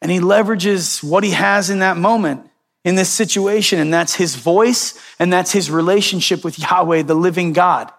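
A male pastor preaching a sermon, reading scripture and retelling it in a conversational way with lively quoted voices. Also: sits high, moderate pace, big-room sound.

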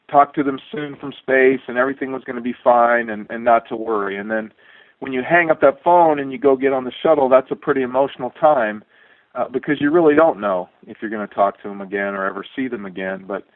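A middle-aged man, a former astronaut, telling a relaxed, wry anecdote with a dry sense of humor and many fillers. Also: mid-range voice, dry recording. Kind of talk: storytelling anecdote. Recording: tinny dry phone-like line.

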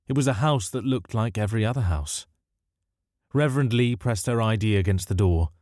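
A man reads a story in a calm, measured and dryly wry way. His voice sits low and mellow, and the recording is dry and close. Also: no room sound. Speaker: narrator. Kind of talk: audiobook narration.

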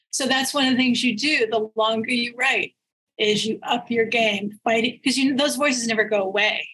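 A woman, an author being interviewed, telling stories in an animated way and laughing often as she talks. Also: on the high side, normal speed, a little hiss or hum, rough recording. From United States. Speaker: author guest. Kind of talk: casual interview storytelling.

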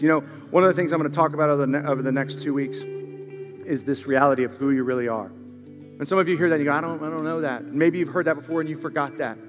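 High-voiced preaching man in a reverberant hall. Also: racing. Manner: preaching with big swings from soft and low to loud and rising. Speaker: pastor. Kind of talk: sermon. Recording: reverberant hall with faint music.

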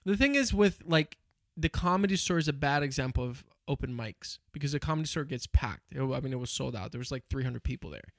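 A man's voice: mid-range voice, expressive, brisk, hardly any pauses, dry recording, studio quality. A young man in casual podcast chat, telling stories in a rambling way with lots of fillers and restarts.

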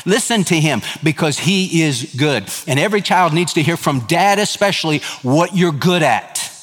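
Middle-aged male pastor, emphatic sermon delivery, fairly high voice, reverberant church sound. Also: lively intonation, normal speed, fairly bright tone. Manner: earnest, emphatic preaching with repeated lists. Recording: hall reverb.

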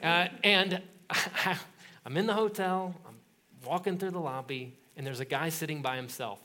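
Middle-aged male pastor, lively sermon storyteller, fairly high voice. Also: measured pace. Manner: animated storytelling with laughs and acted quotes.

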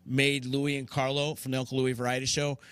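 A man co-hosting a casual talk show, animated, laughing often and acting out quotes in his stories. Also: mid-range voice, fairly quick, clear, resonant tone. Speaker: co-host. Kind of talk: casual chat.

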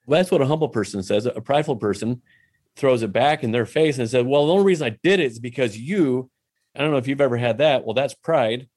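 A man's voice: mid-range voice, quick pace, darkish tone. A man telling a personal faith story in a casual, candid way, poking fun at himself and dropping in lots of "you know" asides.

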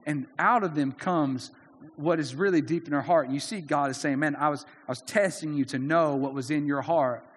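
A man's voice: a little high, normal speed, slightly rough, long reverb tail. A man preaching a sermon in an earnest, conversational way, often restarting his sentences. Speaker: pastor.

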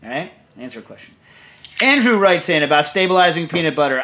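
A man's voice: on the high side, lively intonation, fast talker, bright, forceful tone. A man hosting a casual podcast, wandering from story to story with lots of fillers and restarts. He also reads out a listener's question in the same loose, talky way. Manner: rambling, digressive, many fillers and restarts. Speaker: podcast host. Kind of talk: casual chat.

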